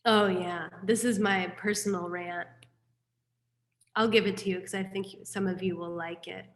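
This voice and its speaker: A woman's voice: medium pitch, steady tone, normal speed, roomy sound. A woman teaching a Buddhist class, frank and candid, with casual asides and the odd swear word. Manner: frank, candid teaching with mild profanity and self-deprecating asides. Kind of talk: dharma class lecture.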